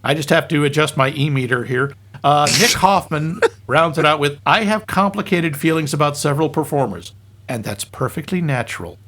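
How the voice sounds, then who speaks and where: A man's voice: fairly high pitch, animated, moderate pace, a bit bright. A man co-hosting a film podcast, chatting casually and joking wryly while reading listener comments aloud. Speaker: podcast co-host.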